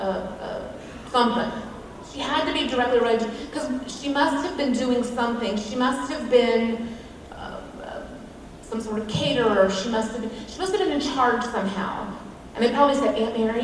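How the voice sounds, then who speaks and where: A woman's voice: fairly high pitch, a little hiss or hum. A woman giving a humorous devotional talk at a women's event, chatty, with self-mocking asides. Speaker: featured speaker at a women's event. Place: large hall. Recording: echoey hall from far off.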